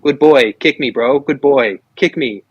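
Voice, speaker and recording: A man calling in to a heated live debate, needling the host again and again. His voice sits at an ordinary pitch and sounds dry and close. He ends nearly every jab with "bro.". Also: measured pace, husky, no room sound, lo-fi sound. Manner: taunting, ends lines with "bro". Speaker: debate caller.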